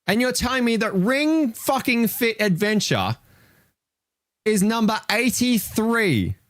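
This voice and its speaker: Animated man ranting over games. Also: high-pitched, slow pace, no echo, clean studio sound. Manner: animated, swearing, exasperated ranting. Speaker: retro gaming streamer reacting to a list. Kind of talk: live reaction commentary.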